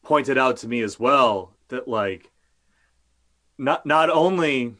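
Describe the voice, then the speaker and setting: A man's voice: medium pitch, lively intonation, takes it slowly, sharp tone. Rambling man journalist, casual. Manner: rambling, many fillers and restarts, swears. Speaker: journalist, guest. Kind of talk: casual interview talk.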